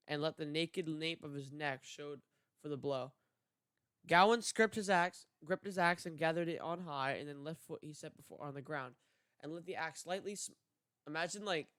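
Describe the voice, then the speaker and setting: A man's voice: a little high, fairly bright tone, no echo. A young man reading a poem aloud casually, stumbling over words and swearing at himself in asides. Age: young adult. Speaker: reader.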